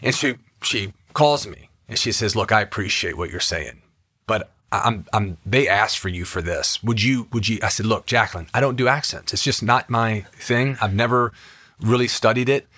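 A man's voice: on the low side, moderate pace, pushed and bright, husky, no echo. A man, a podcast co-host and actor, chatting casually and telling an enthusiastic personal story.

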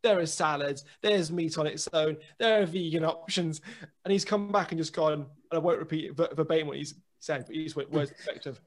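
A man, a guest telling a lively anecdote in casual chat, full of restarts and acted dialogue. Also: a little high, fairly quick. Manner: lively storyteller, many restarts and quoted dialogue.

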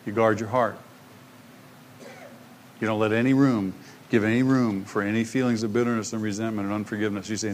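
Male pastor preaching with lively emphasis; faint background noise. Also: on the low side, fairly quick, pauses often. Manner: animated preaching, acting out the parable's voices. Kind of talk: sermon.

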